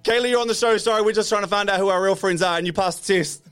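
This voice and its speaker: Excitable fairly high-voiced man. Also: racing, smooth, no room sound, soft background music. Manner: excitable, playful. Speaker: podcast co-host. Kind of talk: casual podcast banter.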